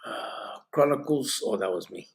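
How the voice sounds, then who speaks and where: A man's voice: medium pitch, animated, measured pace. A man hosting a live podcast, reading out chat comments in a loose, rambling way with bits of Spanish slang, sounding tired and yawning. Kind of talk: casual live-stream chat.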